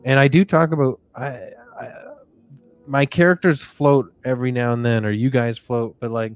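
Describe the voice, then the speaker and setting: A male comedian hosting a live show, rambling through a mock guided relaxation in a soft, drifting voice. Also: mid-range voice, fairly even intonation, moderate pace, clear, resonant tone, soft background music. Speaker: comedian and podcast host.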